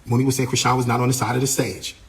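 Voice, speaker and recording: Man retelling a story, animated. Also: mid-range voice, rapid-fire. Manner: animated, repeats himself, acts out quoted voices. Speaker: tour manager. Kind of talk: casual storytelling account.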